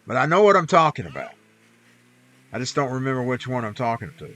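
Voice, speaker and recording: Medium in pitch but swinging hugely up and down, his fairly bright voice moves fairly quickly over slight background noise. The streamer rambles folksily about scripture and faith during casual gameplay chat, adding preachy asides.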